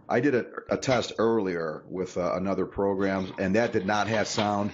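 A man's voice: low voice, moderate pace. A man hosting a casual talk show, easygoing and teasing the others, often laughing. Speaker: show host. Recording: dull lo-fi sound with faint noise.

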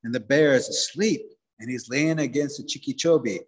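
A man's voice: medium pitch, normal speed, breathy edge, long reverb tail. A man telling a traditional folktale with rhythmic, repetitive phrasing. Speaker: storyteller, museum director.

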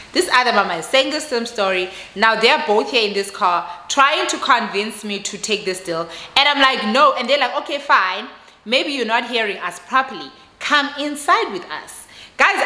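A young woman with a South African Xhosa-inflected accent telling a storytime vlog, animated and switching languages. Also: mid-range voice. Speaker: vlogger. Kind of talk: casual storytime. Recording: echoey room.

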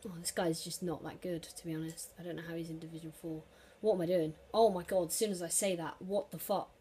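A woman casually commentating her own football video game. She swears freely, mutters under her breath, and erupts into shouts at big plays. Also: lowish voice, fairly even intonation, quick pace, background noise. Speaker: gaming commentator.

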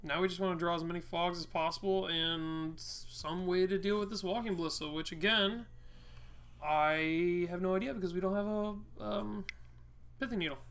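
Guy with a pretty high voice, chatty and swearing, playing cards and ribbing his buddy. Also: fairly even intonation, normal speed, clear, resonant tone. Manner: loud, swearing, teasing banter. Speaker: card game player and co-host. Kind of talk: casual gameplay commentary.

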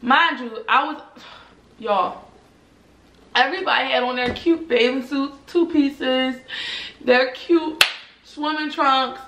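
Young woman doing a storytime vlog, swears a lot, bright voice, echoey room. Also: sits high, takes it slowly, pauses often, a little hiss or hum. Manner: animated, profane, addresses viewers as "y'all". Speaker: vlogger telling a personal story. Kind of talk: casual storytime chat.

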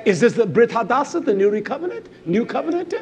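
A man preaching a sermon, shifting from loud emphatic exhortation to low intense delivery. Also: very animated, brisk.

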